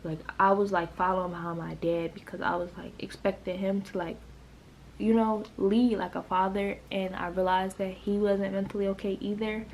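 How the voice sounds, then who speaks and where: A woman's voice: medium pitch, level tone, normal speed, darkish tone, slight background noise, poor audio. A woman in her late teens from the United States, telling an emotional storytime in a rambling way, full of "like". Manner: emotional, rambling, heavy use of "like". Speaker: vlogger. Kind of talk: storytime vlog.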